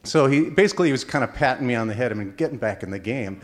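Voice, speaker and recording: A man from Minnesota telling a string of anecdotes to an audience, animated and full of fillers and restarts. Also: medium pitch, rapid-fire. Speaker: speaker at a faith-based presentation. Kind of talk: storytelling talk to an audience.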